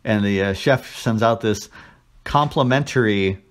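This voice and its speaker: A man's voice: fairly low pitch, a little slow. A man in casual chat as podcast co-host, telling a story with crude jokes and put-on voices.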